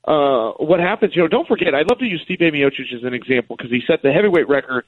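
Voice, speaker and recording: A man giving rapid, emphatic sports analysis as a guest on a radio show, calling in by phone and repeating words as he restarts. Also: on the high side, animated, dry recording. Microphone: phone call. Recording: tinny phone line.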